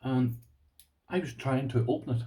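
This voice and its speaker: A middle-aged man with an Irish accent talks casually to his viewers. His voice is warm and mellow at a middle pitch. He rambles through his asides and pokes fun at himself, laughing often. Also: normal speed, recorded from a distance, poor audio. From Ireland. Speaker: lock collector vlogger. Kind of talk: casual vlog chat.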